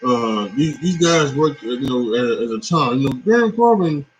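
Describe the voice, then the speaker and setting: A man's voice: medium pitch, animated, moderate pace, dull audio, noisy background. A man giving a casual wrestling reaction, rambling with many fillers and restarts, tired from little sleep. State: tired, yawning. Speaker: wrestling commentator.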